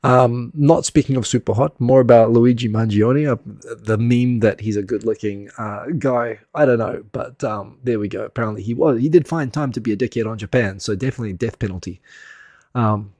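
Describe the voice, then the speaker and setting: A man's voice: mid-range voice, normal speed, a little mellow, dry recording. A middle-aged man hosting a casual live stream, rambling and laughing at himself as he chats through topics. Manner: rambling, self-deprecating, laughs often.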